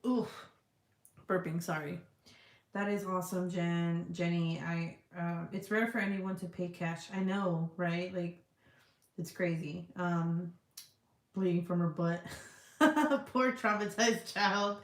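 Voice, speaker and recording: A woman in her thirties chats casually on a live stream, blunt and full of swearing, and laughs often. Her voice sits fairly low, and the cold room at home gives it a roomy, echoing sound. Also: fairly even intonation, takes it slowly. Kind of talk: casual live chat, reading viewer comments. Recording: echoey room.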